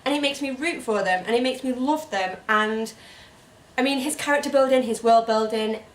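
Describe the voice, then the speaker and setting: A woman's voice: fairly high pitch, normal speed, roomy sound, distant mic. Woman chatting a little off-mic. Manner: chatty, lots of "like", can't stop laughing once started. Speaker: book channel co-host. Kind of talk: casual chat.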